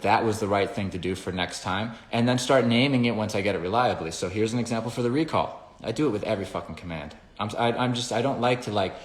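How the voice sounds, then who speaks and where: A man's voice: on the low side, roomy sound. A man who trains dogs, explaining his methods in a rambling, conversational way and acting out little scenes with the dogs. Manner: rambling, conversational, acts out dog scenarios. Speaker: dog trainer. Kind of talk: casual explanatory talk.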